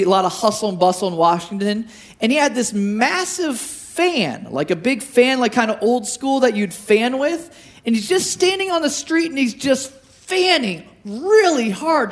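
A man preaching a sermon, animated and storytelling, acting out quoted voices, with frequent restarts and repetitions. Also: very high voice. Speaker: pastor.

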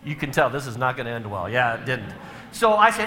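Man, middle-aged, speaker at a family seminar, humorous storytelling, acts out scenes, lively pitch. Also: brisk, slight background noise. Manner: animated, acts out family scenes with big vocal swings. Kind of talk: humorous storytelling talk to a live audience.

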